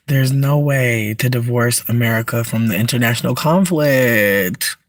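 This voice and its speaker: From inside a car, a livestreamer rants casually and swears throughout, sinking into low mutters before bursting into shrieking laughter. The recording is dry.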